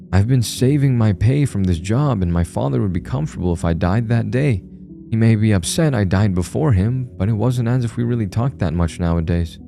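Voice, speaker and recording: A man narrating a scripted horror story in a calm, measured way. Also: fairly low pitch, creaky. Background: soft music.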